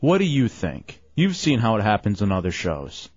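A man hosting a live radio talk show, calmly trying to referee an argument. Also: lowish voice, moderate pace, no room sound, muffled recording.

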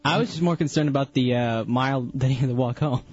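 A man's voice: medium pitch, fast, dry recording. A man in casual radio banter, teasing and amused, never apologizing. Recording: dull lo-fi radio broadcast.

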